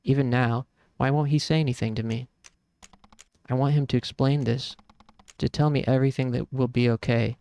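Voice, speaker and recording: A man's voice: mid-range voice, fairly even intonation, normal speed, gravelly, darkish tone, clean tone, no room sound. A man streaming, reading a story game aloud in an earnest, reflective way.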